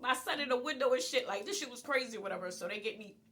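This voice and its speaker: High, lively woman telling a story. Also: rapid-fire. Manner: candid, profane, laughing storytelling. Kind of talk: storytime vlog.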